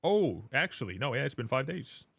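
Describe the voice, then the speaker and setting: A man's voice: mid-range voice, sing-song, moderate pace, vocal fry, a bit bright, breathy edge, no echo. Joking young man rambling on stream. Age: 20s. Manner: joking, rambling, self-mocking. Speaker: livestream host. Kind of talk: casual livestream chat.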